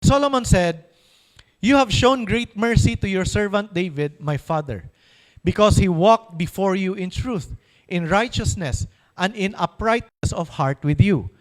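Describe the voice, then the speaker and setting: A man with a Filipino accent preaching a sermon as pastor, emphatic, putting questions to his congregation and slowing down to read scripture aloud. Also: high voice, poor audio.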